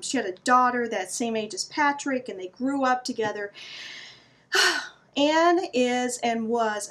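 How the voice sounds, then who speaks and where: A middle-aged woman hosting her own vlog, telling a personal story in an animated, playful way with lively asides to the viewer. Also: fairly high pitch. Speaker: vlog host.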